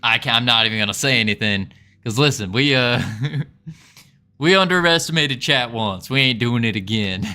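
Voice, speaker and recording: A man's voice: medium pitch, expressive, normal speed, bright, forceful tone, smooth, faint music behind. A man streaming live and chatting with viewers in a put-on Southern drawl, folksy and joking, laughing often. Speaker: livestreaming game developer. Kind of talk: casual livestream chat with viewers.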